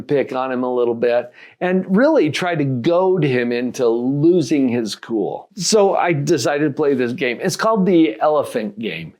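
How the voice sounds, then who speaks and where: Male life coach with a high-set voice, lively and expressive, playing out conversations as he teaches. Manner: animated, acts out dialogue in different voices; asks the listener rhetorical questions. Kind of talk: motivational teaching talk.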